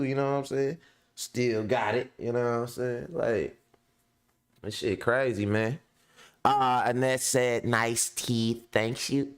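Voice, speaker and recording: Speaking to a live audience in a relaxed, slang-filled monologue, a middle-aged man hosting a show laughs a lot and keeps saying "you know what I'm saying." He has a smooth, mid-range voice.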